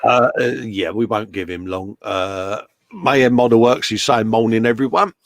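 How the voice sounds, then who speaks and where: A man's voice: fairly low pitch, normal speed, gravelly, a bit bright, dry recording, clean studio sound. A man hosting a casual live chat from his workshop, laughing often and reading out viewer comments. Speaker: host. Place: home workshop.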